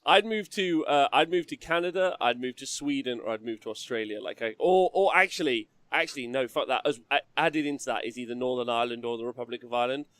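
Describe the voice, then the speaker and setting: A man's voice: mid-range voice, fast talker, few pauses, a bit bright, dry recording. A man from England, hosting a casual, rambling chat show, swearing and laughing as he talks. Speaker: podcast host.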